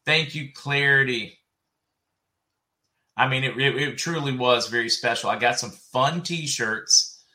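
A man's voice: medium pitch, unhurried, long pauses, pushed and bright. A middle-aged man with a Southern US accent, chatting casually as host of a livestream, reading viewer comments and laughing often.

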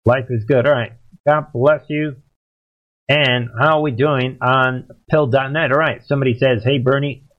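A man's voice: medium pitch, dull audio. A man hosting a political livestream, commenting in a rambling, emphatic way and talking to his chat.

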